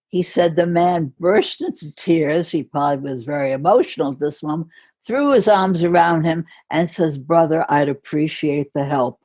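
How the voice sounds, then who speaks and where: An older American woman telling a story slowly and with care, laughing softly between phrases, as a guest on a podcast. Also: low-pitched. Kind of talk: storytelling in conversation.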